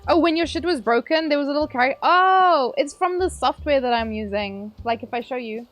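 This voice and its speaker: A woman's voice: high-pitched, lively intonation, a little fast, soft background music. A woman live streaming a game, chatting casually and playfully with her viewers and swearing now and then. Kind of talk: casual live-stream chat while gaming.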